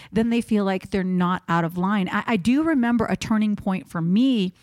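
A middle-aged woman preacher in casual conversation, telling lively stories and acting out the exchanges she quotes. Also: mid-range voice, fairly quick, few pauses, no room sound. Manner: animated storyteller, acts out quoted exchanges. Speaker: preacher and podcast co-host.

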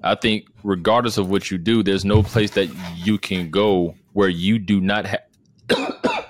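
A man's voice: fairly low pitch, fairly even intonation, a little slow. A man from the United States in casual conversation, emphatic, asking rhetorical questions and repeating words.

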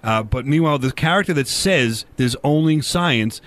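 A man in a conversational interview, at a middle pitch, building long questions slowly with many pauses and restarts. He keeps nudging the talk along with short replies. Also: lively intonation, a bit bright, no echo. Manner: halting, full of fillers and restarts, many "right"s.

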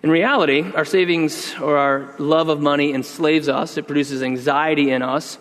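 Man, pastor, earnest conversational sermon, slightly high voice, long hall reverb. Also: fairly even intonation, fairly bright tone. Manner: earnest, conversational preaching with slowed emphasis.

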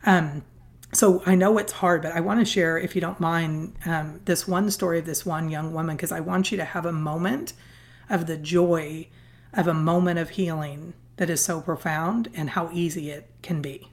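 Middle-aged female guest, earnest and animated storyteller, slightly low register. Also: normal speed. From Southern California. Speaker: guest, nonprofit founder. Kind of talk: conversational storytelling interview.

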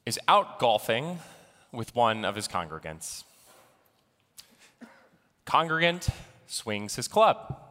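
A man giving a sermon in a deliberate storytelling manner. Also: mid-range voice, a bit bright, long reverb tail. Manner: storytelling, slow and deliberate delivery. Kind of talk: sermon with an opening joke.

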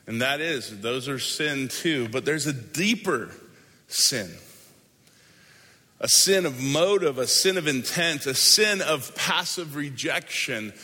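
Male pastor, sermon delivery, conversational but emphatic, bright tone, big reverberant hall. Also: medium pitch. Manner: conversational, emphatic, shifts between quick asides and slow stressed phrases.

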